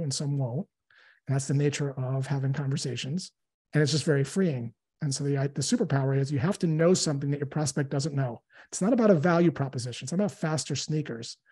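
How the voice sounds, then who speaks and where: A man's voice: on the high side, warm tone, breathy edge. A man who works as a sales coach, a guest telling a story and acting out the dialogue in his answer.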